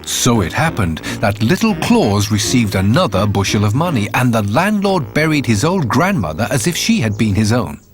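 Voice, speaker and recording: A man narrating a fairytale in an expressive, animated reading. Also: mid-range voice, moderate pace, hardly any pauses. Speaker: storyteller. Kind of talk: storybook narration. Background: faint music.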